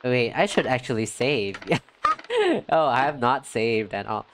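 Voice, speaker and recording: Chill guy streamer playing a game, slow drawly talk, yelps up high to greet chat, light rain noise behind. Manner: chatty and excitable, lots of "yo" and "like"; jumps up in pitch when greeting chat. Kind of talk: casual let's-play commentary.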